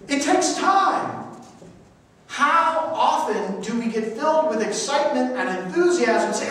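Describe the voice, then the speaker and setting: A man's voice: very high voice, lively intonation, slow pace, fairly bright tone. A male priest teaching a church education class, reading quotations aloud and putting questions to his listeners. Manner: reads quotes aloud, asks the class questions. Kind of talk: church adult-education lecture. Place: church hall. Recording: echoey hall, mic far off.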